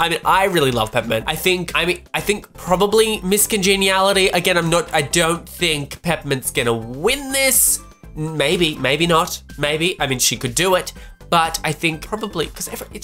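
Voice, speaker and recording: A man's voice: a little high, pushed and bright. A young man chatting casually in a recap vlog, rambling and self-deprecating. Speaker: vlogger. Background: faint background music.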